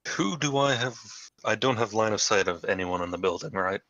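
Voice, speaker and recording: A man's voice: fairly low pitch, fairly quick, fairly bright tone, lo-fi sound. A man playing a tabletop game, checking what his character can see and do. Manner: questioning, checking rules. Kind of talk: casual chat at a game table.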